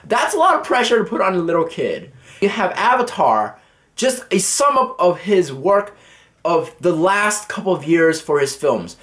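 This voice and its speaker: A man's voice: high-pitched, sing-song, normal speed, a bit bright. Casual, profane male movie reviewer. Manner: casual and profane, acting out scenes.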